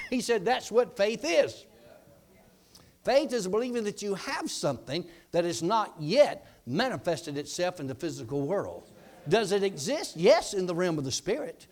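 A man preaching a testimony sermon, telling his story dramatically and shouting his declarations. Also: high-pitched, big pitch swings, moderate pace.

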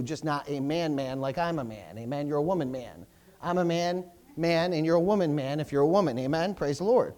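A male pastor preaching a sermon, asking for amens and swelling to loud, fervent cries. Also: fairly high pitch. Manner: preaching with call-outs for amens, rising to loud fervent crying out.

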